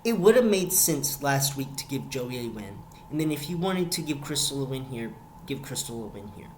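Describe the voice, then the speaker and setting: A young man talks through a show review in a loose vlog style, circling back on words and repeating lines for emphasis. His voice sits in a middle pitch. A faint hiss runs under the recording. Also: very animated, moderate pace.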